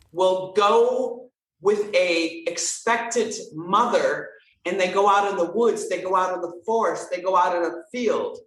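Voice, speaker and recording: Woman, guest storyteller, animated, acts out dialogue, roomy, distant mic. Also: mid-range voice. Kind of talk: storytelling interview chat.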